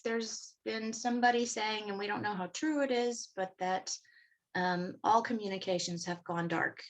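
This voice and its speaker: Slow-talking woman hosting casual commentary. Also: mid-range voice, low-quality recording. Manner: chatty, loose, with frequent "um" and "uh" fillers. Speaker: channel host. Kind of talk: casual spoken commentary to camera.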